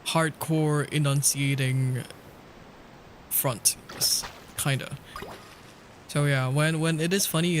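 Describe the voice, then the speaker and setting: A man's voice: medium pitch, a little hiss or hum. A man chatting casually and playfully with his viewers while streaming a game, swearing lightly and laughing often. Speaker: livestreamer. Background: faint background music.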